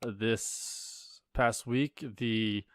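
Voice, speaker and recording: A man co-hosting a podcast in casual chat, halting and full of fillers as he gives his weekly update. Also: on the low side, fairly even intonation, fairly bright tone, dry recording, studio quality. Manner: halting, lots of fillers and restarts. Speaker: podcast co-host.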